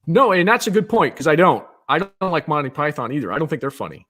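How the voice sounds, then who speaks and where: A man's voice: a little high, sing-song, fast talker, fairly bright tone. Candid opinionated male guest on a call. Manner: opinionated, candid, self-deprecating. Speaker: guest, marketing executive. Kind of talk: casual video chat interview.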